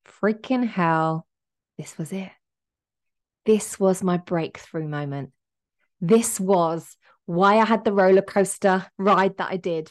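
A young woman hosting a podcast, telling her personal story in a candid, emotional way and acting out the quotes. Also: fairly low pitch. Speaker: podcast host.

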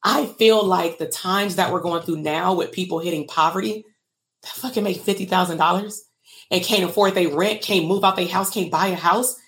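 A woman's voice: on the low side, moderate pace, fairly bright tone. A woman, a therapist and business coach, talking candidly and emotionally to viewers on a livestream and asking them to comment. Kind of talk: casual livestream talk to viewers.

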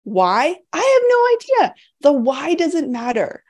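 Candid giggly woman coach, fairly high. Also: wildly swooping pitch, a little slow, a little mellow. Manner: candid, giggly, speaks in a rush of feeling. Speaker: sex coach leading a group program. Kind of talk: casual talk to a live online group.

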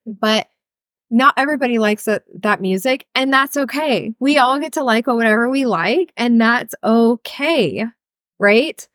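A woman's voice: a little high, moderate pace, a bit bright, no echo, studio quality. A woman in her thirties hosting a podcast as a healer coach, talking casually and frankly, cussing freely. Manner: chatty, frank, cusses freely. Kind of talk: casual solo podcast talk.

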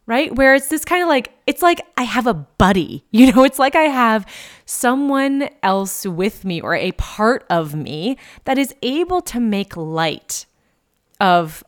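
A woman in her thirties, a coach talking casually and candidly on her podcast, with lots of fillers and the odd swear. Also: medium pitch.

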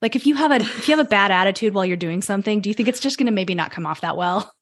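A woman's voice: mid-range voice, animated, very fast, dry recording. Upbeat woman podcast host, dry sound. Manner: upbeat, reads a scripted intro then chats loosely. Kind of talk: podcast hosting.

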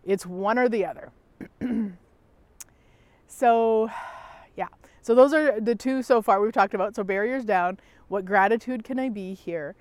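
A middle-aged woman talks in a gentle, unhurried way, circling back to the same phrases. Her pitch sits in an ordinary middle range, and now and then a soft sigh slips between her thoughts. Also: no echo. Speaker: self-help host. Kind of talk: reflective personal talk.

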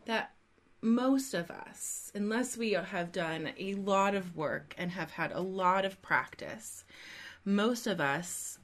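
A middle-aged woman, a couples therapist, hosts a parenting podcast and speaks in a reflective, emphatic way during an interview, building on her guest's points. Her voice is mid-range and she takes her time.

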